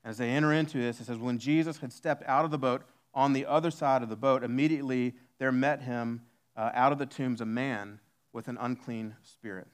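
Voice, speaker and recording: A male pastor preaching a sermon, reading scripture aloud and slowing down to stress key lines. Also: medium pitch, steady tone, clean tone. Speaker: lead pastor.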